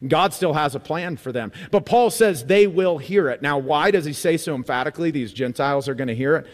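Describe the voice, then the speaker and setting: A man preaching a sermon as pastor of a church, emphatic and animated, repeating phrases for effect. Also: on the high side, fairly quick, few pauses, long reverb tail. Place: church sanctuary.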